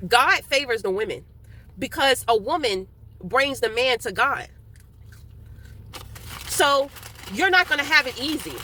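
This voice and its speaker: A young woman speaks straight to her audience in a loose, unscripted monologue, swearing freely and breaking into laughter often. Her voice sits a little high and rings bright and sharp. Now and then she talks around a mouthful of food. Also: animated, unhurried, pauses often. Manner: candid, profane, laughs often; talking while eating and drinking. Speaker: vlogger. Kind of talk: casual monologue.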